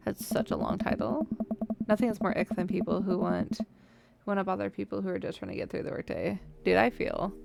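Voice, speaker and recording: A woman's voice: medium pitch, lively intonation, brisk, gravelly, a little mellow, a little hiss or hum. A woman streaming a game, reading the text aloud and adding chatty, laughing asides.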